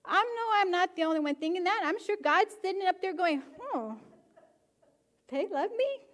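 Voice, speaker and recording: A woman pastor preaching a sermon, animated and emphatic, often pushing her questions to the congregation. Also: very high-pitched, brisk. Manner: animated, rising to emphatic exhortation. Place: church sanctuary.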